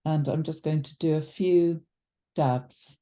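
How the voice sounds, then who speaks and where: A woman giving a relaxed watercolour painting demonstration, chatty and thinking aloud with ums and self-corrections. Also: low-pitched, slow pace. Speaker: watercolour art teacher.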